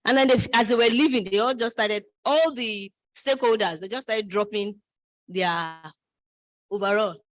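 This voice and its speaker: A woman's voice: mid-range voice, normal speed. A middle-aged woman speaks at a graduation ceremony. She tells her stories with energy and slips into the voices of the people in them. Her voice sounds close and dry, with no room echo. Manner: storytelling, lively, quotes others in voices. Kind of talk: speech.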